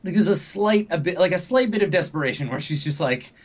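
A man's voice: sits high, lively intonation, a little fast. A man narrating as game master in a casual, rambling way.

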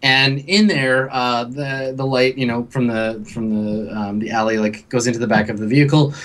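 A man narrating as game master, halting often with fillers and restarts. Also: medium pitch, steady tone, fairly bright tone. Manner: hesitant, many fillers and restarts.

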